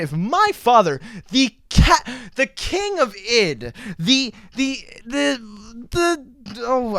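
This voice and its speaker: A man's voice: high-pitched, a bit bright, dry recording, clean studio sound. A teenage boy hosting a podcast, rambling in a goofy, self-mocking way. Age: teens. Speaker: podcast host. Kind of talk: joking podcast chat.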